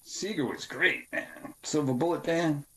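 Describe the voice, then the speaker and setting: A man chatting casually on a podcast, halting and repeating words, often ending with "man". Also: fairly high pitch, rough recording. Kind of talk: casual chat.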